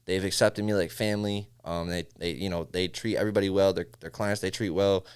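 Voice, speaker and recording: Guesting on a podcast, this man, a music engineer from Syracuse in upstate New York, tells lively stories in a relaxed interview chat, acting out studio dialogue and dropping "bro" often. He has a low-pitched, clean voice and a brisk delivery.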